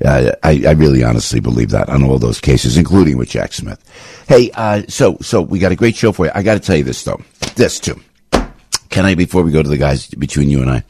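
A man's voice: rumbling low, darkish tone, husky, no echo. A man hosting a radio talk show, delivering an opinionated monologue. He rants emphatically and hammers points by repeating short phrases. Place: radio studio.

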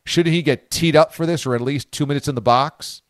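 A man hosting a sports talk radio show, animated and incredulous, cracking jokes and reading out listener posts. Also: fairly high pitch, brisk, dry recording, clean studio sound.

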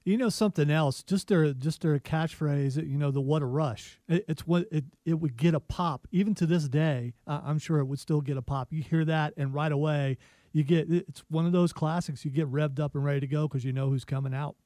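A man co-hosting a casual podcast chat, telling stories in a relaxed, enthusiastic way. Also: fairly high pitch, brisk, no echo.

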